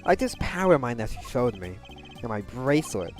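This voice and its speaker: A woman's voice: extremely low pitch, sing-song, moderate pace, a little mellow, soft background music, voice pushed down. A woman voicing a flustered young male defense attorney. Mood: thoughtful.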